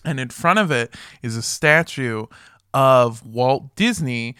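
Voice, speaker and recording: A man's voice: mid-range voice, animated, takes it slowly, pushed and bright, clear, resonant tone, no room sound. A man in his twenties co-hosting a comedy podcast, casual and joking, laughing often as he chats in a recording studio. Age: 20s. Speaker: podcast co-host. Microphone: studio microphone.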